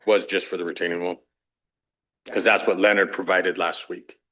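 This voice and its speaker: A man's voice: deep voice, flat delivery, normal speed, sharp tone. A man reporting to a council on projects and budgets in a plain, businesslike way with some fillers. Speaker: staff member reporting on projects. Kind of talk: meeting report.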